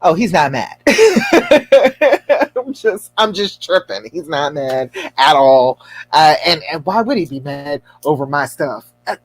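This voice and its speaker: A woman relationship coach talking casually to viewers on a livestream, telling a story in an animated, encouraging way. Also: sits low, slow, pauses often, no echo. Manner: chatty storytelling, animated and expressive; encouraging, addresses viewers directly.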